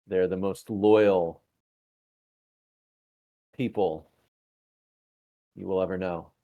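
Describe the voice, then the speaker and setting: A man's voice: sits low, steady tone, drawn-out words, narrow, tinny audio, exaggerated voice. A man voicing a pompous, self-important male chief engineer who boasts in a grandiose way.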